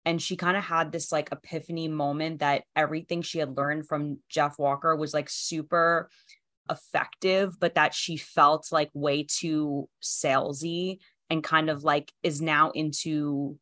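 A woman's voice: low voice, little pitch movement, a little slow, a bit bright, no room sound, studio quality. A woman hosting a podcast in casual interview chat, candid and emphatic, with many "like" fillers. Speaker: podcast host.

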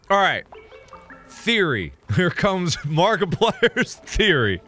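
A man in his twenties commenting on a game, his voice pitched high and leaping all over, bright and forceful in tone. He is manic and giggly, swinging between shouts and low murmurs as he plays, with faint music under his voice. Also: very animated, slow pace. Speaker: gaming video host.

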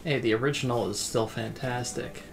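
A man with a gravelly, creaky voice chatting loosely through a laid-back game livestream. He rambles between thoughts and reads viewers' messages aloud. Soft game music plays faintly behind him. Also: medium pitch, fairly even intonation, normal speed. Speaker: streamer. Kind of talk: casual game livestream chat.

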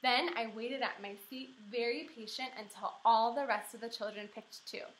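Lively woman reading aloud to kids. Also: fairly high pitch, moderate pace, low-quality recording. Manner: lively, acts out the dialogue for young listeners. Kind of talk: children's read-aloud narration.

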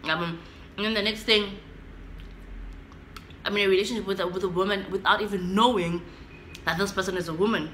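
Bright-voiced young South African woman telling a story. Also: medium pitch, brisk, pauses often, roomy sound, a little hiss or hum. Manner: animated, switching between English and isiXhosa, acting out her own reactions. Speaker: vlogger. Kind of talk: casual storytelling.

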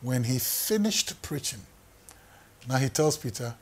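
A man's voice: mid-range voice, lively intonation, a little slow, breathy edge. A man, preaching a sermon in an emphatic way, repeating phrases for effect. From Ghana. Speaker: pastor.

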